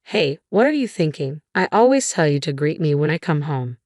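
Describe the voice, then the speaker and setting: A contemptuous, domineering husband barks orders and insults, as a woman reading the story plays him. The voice sits low and deep, recorded dry and close with no room sound. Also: very animated, moderate pace, no room sound. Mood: scornful. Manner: yelling, contemptuous. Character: bossy, insulting middle-aged husband.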